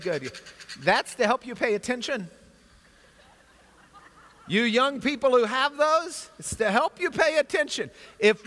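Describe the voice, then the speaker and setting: A man teaching a Bible class in an energetic, animated lecture style, with asides to his class. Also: high-pitched. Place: large church classroom. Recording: long hall reverb.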